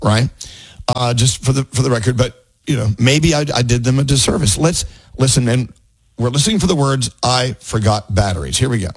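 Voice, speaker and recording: A man's voice: mid-range voice, animated, fairly quick, no echo. A man hosting a radio show, chatting casually in the studio and laughing often.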